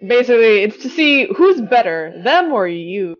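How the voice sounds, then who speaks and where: A woman's voice: fairly high pitch, big pitch swings, moderate pace, lo-fi sound. Laid-back woman game master. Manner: casual, laughing, swears freely. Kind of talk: narrating a tabletop game.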